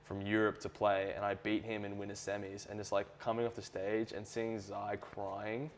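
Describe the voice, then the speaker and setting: A man's voice: lowish voice, little pitch movement, moderate pace, slight background noise. A young Australian man chatting casually as an interview guest, laid-back, laughing often and swearing freely. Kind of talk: casual chat.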